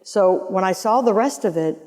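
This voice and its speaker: Interview guest, female, sixties: middle pitch, animated storyteller who mimics voices, long hall echo. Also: moderate pace. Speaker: guest, former album art director.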